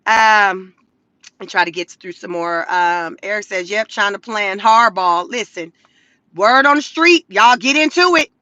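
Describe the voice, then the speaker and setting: Woman host, casual live-stream commentary; high, bright and animated, dry close sound. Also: dry recording. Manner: animated, laughs often, acts out quotes in mocking voices. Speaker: livestream host.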